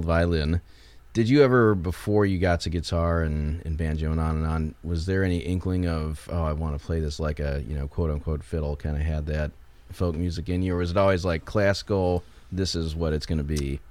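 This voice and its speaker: A man's voice: low voice, steady tone, normal speed, hardly any pauses, darkish tone. A man hosting a casual interview, easygoing and jokey, with rambling, stumbling questions. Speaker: podcast host.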